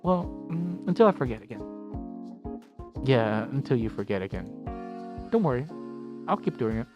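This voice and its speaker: A man voicing a calm, gently teasing furry character who reassures a nervous friend in a visual novel. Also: mid-range voice, normal speed, dull audio, music in the background, close to an everyday voice. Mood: reassuring.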